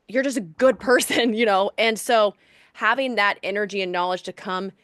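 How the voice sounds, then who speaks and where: A woman co-hosts a podcast in casual chat, her voice at a middle pitch. She gushes and rambles, with lots of fillers. The sound is dry and close. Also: fairly bright tone, dry recording. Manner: gushing, effusive, lots of "like". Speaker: podcast co-host.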